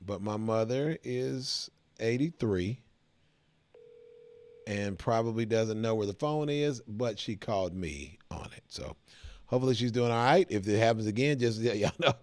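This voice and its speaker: A man's voice: fairly low pitch, normal speed, a little mellow. A middle-aged American man hosting a reaction video, talking to his viewers in a laid-back, chatty way. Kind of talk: casual reaction commentary.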